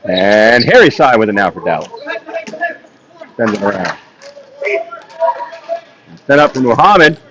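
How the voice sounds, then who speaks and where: A man's voice: fairly low pitch, sing-song, measured pace, long pauses, a bit bright, a little hiss or hum, poor audio. Chatty man calling a hockey game. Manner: chatty, self-mocking, laughs often. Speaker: play-by-play commentator. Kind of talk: live sports commentary. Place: on a ladder beside a hockey rink.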